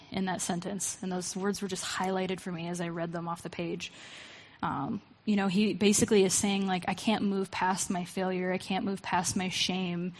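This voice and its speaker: A woman's voice: mid-range voice, flat delivery, moderate pace, a little mellow, in a large hall. A woman giving a casual, conversational sermon, reading verses and musing aloud with many fillers and asides. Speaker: preacher.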